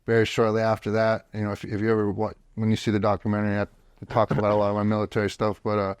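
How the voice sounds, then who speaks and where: Man, low voice, frank and profane storyteller, dry close sound. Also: completely flat delivery, very fast, clean tone, no echo. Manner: blunt and profane, with frequent restarts. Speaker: podcast guest. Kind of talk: casual storytelling. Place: home office.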